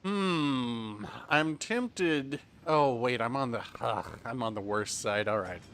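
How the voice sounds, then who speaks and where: A man's voice: mid-range voice, slow pace, a bit bright, a little hiss or hum. Chatty laughing man streaming a game. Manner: chatty, laughs often, jokey asides. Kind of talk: live gameplay commentary.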